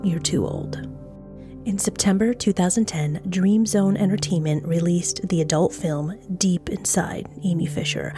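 A woman hosting a true crime podcast, reading a scripted narration with frank, blunt, conversational asides. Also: on the low side. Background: music.

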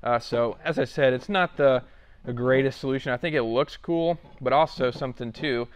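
Smooth-voiced man demoing hardware. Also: medium pitch, moderate pace, no room sound. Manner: relaxed, rambling with fillers. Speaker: product demo host. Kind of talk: casual product walkthrough.

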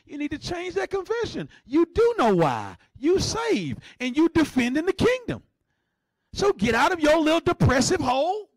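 A man preaching a lively sermon as pastor, joking with the congregation and swinging between shouts and hushed asides. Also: very high voice, moderate pace, dry recording.

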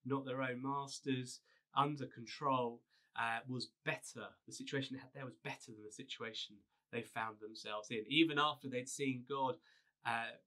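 Guy pastor preaching on video, bright voice, chatty storytelling w lots of ums. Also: mid-range voice. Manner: storytelling, conversational with fillers. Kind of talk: video sermon.

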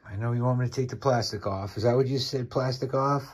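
Holding a camera, a man records casual talk with his cat by the fire in his rural mountain home, teasing it as he chats. He speaks at a quick pace in a mid-range, slightly rough voice.

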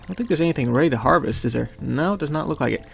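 A man's voice: a little high, racing, gravelly. A man casually commenting as he plays a farming game, reading the characters' lines aloud. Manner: reads in-game dialogue aloud, chatty. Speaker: gaming video host. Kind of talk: casual let's-play commentary. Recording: background game music.

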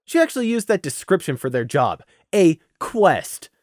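Lively male storybook narrator. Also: fairly high pitch, normal speed, dry recording, studio quality. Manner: lively, expressive reading. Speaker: audiobook narrator.

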